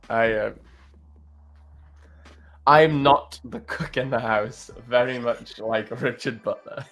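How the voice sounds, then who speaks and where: A man's voice: mid-range voice, very slow, pauses often, a bit bright. A man co-hosting a livestream, trading teasing banter and laughing often. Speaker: livestream co-host. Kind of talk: casual chat.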